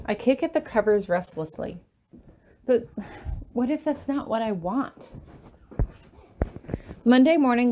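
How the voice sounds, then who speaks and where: Expressive woman reading a story aloud. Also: mid-range voice, slight background noise. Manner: expressive, dramatic. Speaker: fanfiction reader. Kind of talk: first-person audiobook narration.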